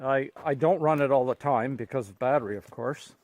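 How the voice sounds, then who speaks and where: A man's voice: mid-range voice, fairly quick, a little mellow. A man with a Canadian accent, talking casually to a handheld camera while hiking outdoors on a lakeside trail, chatty and chuckling often. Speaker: hiker vlogger. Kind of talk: casual vlog narration.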